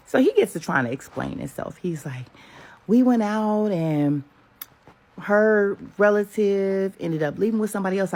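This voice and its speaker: A woman in her thirties telling a personal story in a sassy, casual storytime style, acting out the quotes as she goes. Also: deep voice. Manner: sassy, animated retelling with voiced quotes.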